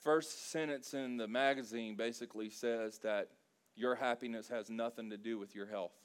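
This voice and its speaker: A man's voice: mid-range voice, normal speed, clean tone. A middle-aged man from South Louisiana, preaching a sermon and telling stories with humor and lots of feeling. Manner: animated, emotional storytelling with humor. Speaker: pastor.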